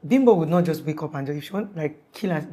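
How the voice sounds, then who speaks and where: A woman's voice: low-pitched, expressive, fast talker, warm tone. A young woman telling, as a witness, the story of a frightening night, rambling and restarting, and acting out what others said. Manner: acts out quoted voices, rambling with many restarts. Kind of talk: emotional storytelling in an interview.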